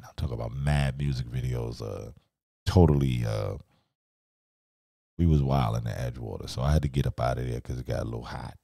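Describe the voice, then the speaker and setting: Very deep-voiced laid-back man. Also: vocal fry, darkish tone, dry recording, studio quality. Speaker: podcast host. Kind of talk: casual podcast talk.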